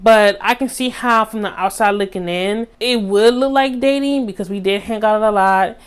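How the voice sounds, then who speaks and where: A young woman vlogger telling a story in a casual, animated way. She talks straight to her viewers in slang, and her voice jumps high for drama. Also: normal speed, clean tone. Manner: animated, dramatic retelling with sudden high squeaks.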